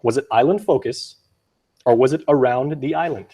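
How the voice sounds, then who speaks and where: A young man from Guam hosting a news show, quick and joking as he runs a trivia quiz. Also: medium pitch, mellow, husky. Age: young adult. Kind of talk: lively on-air quiz banter.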